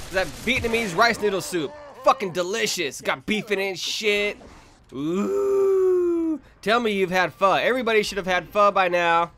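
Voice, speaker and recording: Young man, vlogger, casual storytelling, swearing a lot, rambling with restarts, slightly high voice, faint noise behind. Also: pushed and bright. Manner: profane, rambling and laughing, many restarts.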